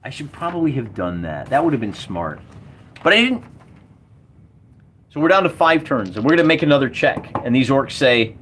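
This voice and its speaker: A man's voice: medium pitch, big pitch swings, moderate pace, pauses often, a bit bright, slight background noise. A man casually talking through a solo tabletop game, enthusiastic and rambling as he rolls dice and checks tables. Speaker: solo wargamer running a game.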